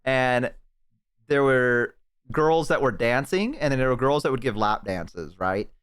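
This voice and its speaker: A man streaming and telling a story casually to his chat, swearing often and bursting into loud laughter. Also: medium pitch, measured pace, smooth. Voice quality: profane, laughs hard and loud. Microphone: headset.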